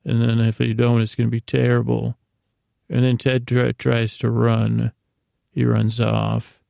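A man's voice: medium pitch, monotone, a little slow, vocal fry, mellow, no echo, studio quality. A man hosting a sleep podcast, casually rambling through a show recap with many fillers and restarts.

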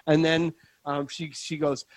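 Animated storytelling man, rather high voice. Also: no room sound. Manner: animated, swearing, quick restarts. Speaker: podcast host. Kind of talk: casual chat, storytelling. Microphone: remote call setup.

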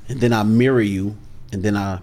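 Male sales coach, lowish voice, slow and authoritative, interview guest. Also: fairly even intonation, darkish tone. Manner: measured, deliberate and authoritative. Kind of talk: podcast interview talk.

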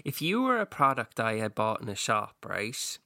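A man's voice: lowish voice, sing-song, normal speed, vocal fry, bright, forceful tone, no room sound. A man co-hosting a podcast, chatting casually with dry, teasing humor. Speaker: podcast co-host. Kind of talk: casual chat.

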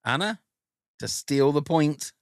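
A man hosts a casual podcast quiz, with a lively voice that swings up and down a lot. He reads words out and spells them, laughing often. The sound is dry and close. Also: a little high, slow, no room sound. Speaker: podcast host.

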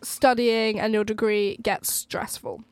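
A woman's voice: medium pitch, fairly even intonation, unhurried, clean tone, dry recording. A young woman co-hosting a podcast as a student-athlete, chatting casually with frequent "like" fillers and easy laughter. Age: young adult. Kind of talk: casual chat. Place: university.

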